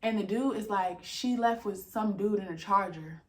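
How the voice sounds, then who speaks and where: A young woman tells a storytime vlog in a casual, animated way and acts out the dialogue with exasperation. Her pitch sits in a middle range, and her voice echoes noticeably around the room. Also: moderate pace. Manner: animated, exasperated retelling with lots of quoted dialogue and cursing. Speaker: vlogger.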